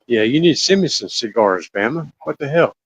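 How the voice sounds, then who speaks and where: A man's voice: medium pitch, expressive, brisk, breathy edge, no room sound. A man joining a casual chat, cracking crude jokes and calling the others bro and buddy. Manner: joking, calls people bro and buddy. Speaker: guest. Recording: dry, dull lo-fi sound.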